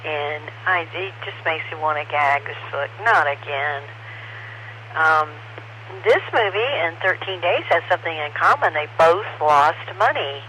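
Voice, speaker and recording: Woman, ham radio check-in, opinionated and sarcastic, bright edgy voice, light static. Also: deep voice, lively intonation, moderate pace, poor audio. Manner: opinionated, blunt, mildly sarcastic. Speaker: ham radio net participant. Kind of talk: casual on-air chat over radio. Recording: radio audio with faint hiss.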